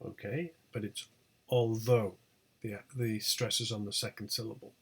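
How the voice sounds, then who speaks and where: A man teaching a recorded pronunciation lesson, reading out example words one by one with clear, deliberate delivery. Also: on the low side, fairly even intonation, bright, forceful tone. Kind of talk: recorded lecture over slides.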